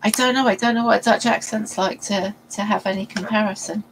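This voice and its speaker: A woman's voice: mid-range voice, steady tone, fairly quick, slight background noise, low-quality recording. A woman from England co-hosting a live stream, giving short, dry, self-deprecating replies. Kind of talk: casual live-stream chat.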